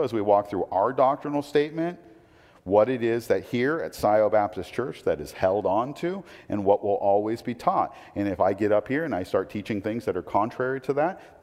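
A man's voice: on the low side, a little mellow, long reverb tail. A man preaching a sermon as a pastor, conversational with frequent rhetorical questions.

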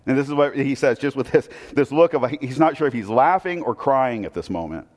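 A man preaching a sermon, telling a story that swings between loud excitement and hushed, intense moments. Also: medium pitch, fairly quick. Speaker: pastor. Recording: long hall reverb.

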